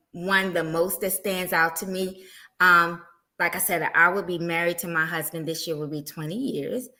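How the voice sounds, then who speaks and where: A middle-aged woman speaks as a guest evangelist. Her tone is bright and clear, and she tells stories with animation. She talks about faith in an easy, conversational way. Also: on the low side. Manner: animated storytelling, acting out everyday quotes. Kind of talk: casual faith testimony.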